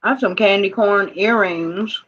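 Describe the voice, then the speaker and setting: A woman's voice: medium pitch, measured pace, a bit bright, dull audio, slight background noise. A woman co-hosting a casual live-stream jewelry auction, chatting and laughing as she reads viewers' comments. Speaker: online auction co-host.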